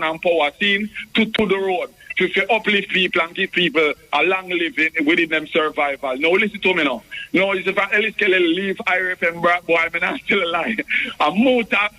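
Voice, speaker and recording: A man's voice: high voice, pushed and bright. A man with a Jamaican accent calling in to a radio show, rambling and repeating himself with many stumbling restarts, heard over a tinny phone line. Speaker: radio call-in caller. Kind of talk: rambling phone-in chat in patois.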